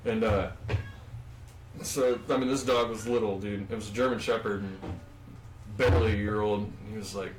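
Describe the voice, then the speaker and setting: A man casually telling a long story with a lot of swearing, in a loose, rambling, animated way. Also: fairly low pitch, normal speed, pauses often, far from the mic, slight background noise. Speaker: podcast co-host. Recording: echoey room, off-mic, faint ambience.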